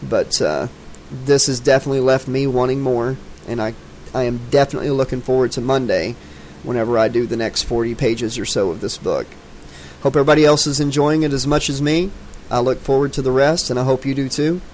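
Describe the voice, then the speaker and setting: Dude reading a horror audiobook, laid-back and chatty, mid pitch, tiny bit of background hiss. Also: male voice, a little fast, darkish tone, rough recording. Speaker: audiobook narrator.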